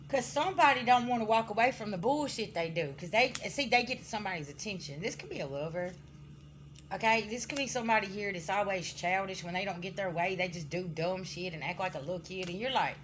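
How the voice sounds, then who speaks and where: A spiritual card reader with a medium-pitched, fairly bright voice gives her viewers a casual reading over slight background noise. Blunt and scolding, she swears freely, talks to viewers directly, and keeps checking in with "okay?"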